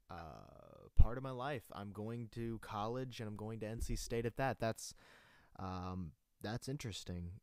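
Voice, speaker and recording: A man's voice: on the low side, a little mellow, clear, resonant tone, no room sound. A young man from North Carolina hosting his own amateur radio show, rambling and self-mocking with many fillers and restarts. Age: late teens. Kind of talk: rambling solo radio talk. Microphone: headphones and desk mic.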